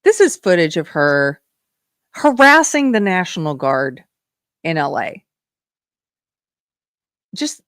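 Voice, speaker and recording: A woman from South Carolina hosting a live political commentary show, talking in a sarcastic, emphatic way and quick to scoff. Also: fairly low pitch, a bit bright, dry recording, clean studio sound. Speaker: show host.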